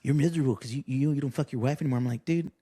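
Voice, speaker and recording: A man's voice: mid-range voice, racing, dark tone, breathy edge. A man hosting a podcast in casual chat, rambling and joking crudely. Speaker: podcast host.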